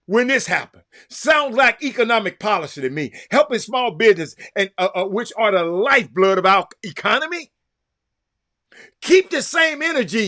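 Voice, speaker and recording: A man's voice: high-pitched, pushed and bright. A man giving fired-up political commentary, preaching straight to his listeners.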